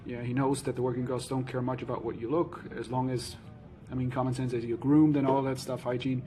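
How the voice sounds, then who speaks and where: A man vlogging casually, reading out viewer questions and answering them frankly, with frequent pauses and fillers. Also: mid-range voice, flat delivery, noisy background. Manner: frank, matter-of-fact, hesitant with fillers. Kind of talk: casual Q&A chat.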